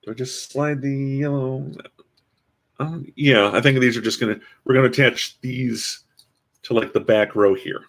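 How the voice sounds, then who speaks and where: A man talks his way through a toy build in a relaxed, rambling way. His voice has a gravelly edge at a middle pitch, and he drops dry, self-mocking jokes between steps. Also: moderate pace. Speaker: vlogger building a toy kit. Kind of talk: casual live-stream commentary.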